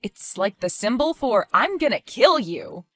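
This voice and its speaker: A woman voicing an anxious young woman babysitting her boyfriend's daughter, pleading and quick to raise her voice in an animated story. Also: a little high, full character voice. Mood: nervous. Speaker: stepmother-to-be left babysitting.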